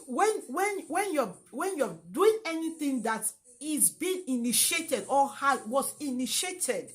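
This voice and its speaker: Chatty woman vlogging, high voice. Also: sing-song, measured pace, soft background music. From Nigeria. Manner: chatty, thanks viewers at length, hesitant fillers. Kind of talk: opinion vlog to camera.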